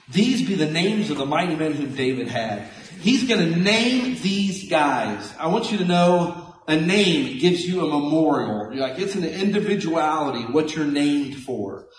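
A middle-aged man preaching a sermon as a pastor, animated and folksy, swinging between loud and soft. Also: on the high side, a little hiss or hum. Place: church sanctuary. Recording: echoey church hall from a distance.

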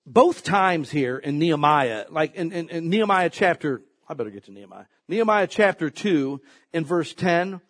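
A man's voice: on the high side, moderate pace. A man preaching a sermon in a folksy, joking way, acting out quotes as he tells stories. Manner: folksy, joking, animated storytelling with acted quotes. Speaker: pastor.

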